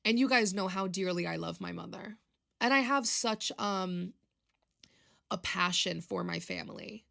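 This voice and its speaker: A woman's voice: fairly low pitch, unhurried, gravelly, bright, forceful tone. A young woman, chatting on her own podcast in a rambling, confessional, emotional way. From Long Island, New York. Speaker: podcast host. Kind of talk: casual solo podcast chat.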